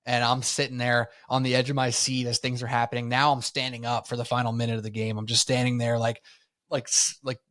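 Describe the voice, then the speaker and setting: A man's voice: medium pitch, level tone, fairly quick, fairly bright tone. A young man co-hosting a sports podcast, talking in a laid-back, slangy way with lots of "like" and "man". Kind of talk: casual sports chat.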